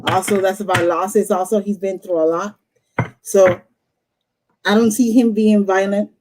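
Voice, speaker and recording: A woman's voice: medium pitch, steady tone, a little slow, a little mellow, poor audio. A woman reading tarot on a live stream, talking bluntly and swearing freely. She leans straight into the listener and gets fired up when something strikes a nerve. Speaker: host, tarot reader.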